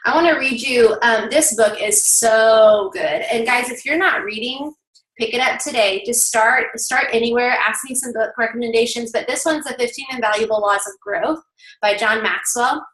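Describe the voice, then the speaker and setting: A woman in her thirties leading her team on a video call, telling a story with lively energy and talking straight to her listeners. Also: on the high side, normal speed, echoey room, poor audio. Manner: animated storytelling, addresses listeners directly. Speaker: team leader.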